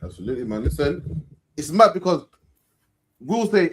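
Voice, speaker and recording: A man preaching on the street, animated, firing rhetorical questions and closing lines with "man". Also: fairly high pitch, moderate pace, a little hiss or hum, poor audio.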